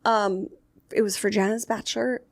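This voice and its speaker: A woman's voice: medium pitch, flat delivery, normal speed, no room sound, clean studio sound. A young adult woman co-hosting a podcast, chatting frankly and telling stories with lots of fillers. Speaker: podcast co-host. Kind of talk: casual chat.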